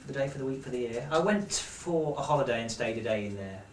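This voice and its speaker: Man, deadpan, halting, mid pitch, distant home camcorder, roomy echo, faint hiss. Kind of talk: casual chat. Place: room at home. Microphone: camcorder mic from across the room.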